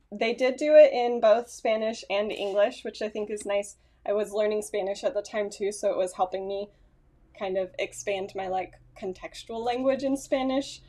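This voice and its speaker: A woman's voice: mid-range voice, darkish tone. Chatty woman vlogging on a phone. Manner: chatty, rambling, self-correcting with small laughs. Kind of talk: casual chat to camera. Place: at home, indoors. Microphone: phone camera.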